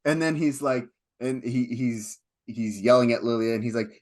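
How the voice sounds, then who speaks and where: A man co-hosting a film podcast, talking casually and at length, getting animated when he retells scenes. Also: mid-range voice, brisk. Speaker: podcast co-host.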